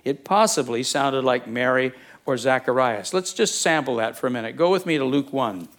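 A man's voice: mid-range voice, normal speed, a bit bright. A man delivering a sermon as pastor, in a conversational preaching manner with jokes and asides.

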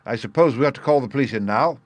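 A man reading the part of a sharp, impatient male detective with a brisk, incisive delivery. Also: mid-range voice, no room sound, lightly acted.

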